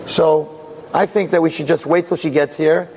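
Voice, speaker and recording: A man voicing a slick, smug, high-priced defense lawyer who mocks witnesses with needling questions. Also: steady tone, moderate pace, darkish tone, slightly rough, low-quality recording. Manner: needling, mocking cross-examination.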